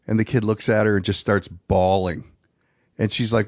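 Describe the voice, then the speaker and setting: A man's voice: lowish voice, fairly even intonation, fairly quick, darkish tone, no echo, dull audio. Middle-aged man telling a rambling story. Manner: rambling, laughs through his stories. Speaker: podcast co-host. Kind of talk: casual storytelling chat.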